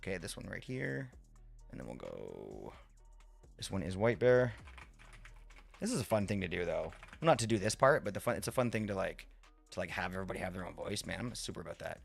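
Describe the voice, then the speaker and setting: A man's voice: low-pitched, fast talker, vocal fry, soft background music. A man live-streaming a game in casual chat who rambles, repeats himself and swears offhand.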